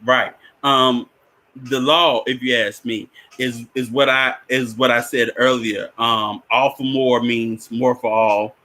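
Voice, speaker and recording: A man's voice: mid-range voice, level tone, slow, pushed and bright. A man giving casual film commentary as a spiritual teacher, rambling with many restarts and frequent chuckles.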